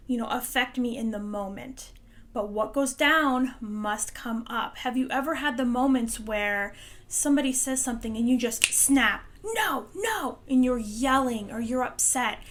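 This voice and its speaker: A young adult woman talking earnestly and emphatically to her viewers in a casual motivational monologue, sharing what she calls a channeled message. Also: fairly high pitch. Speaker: spiritual channeler and host.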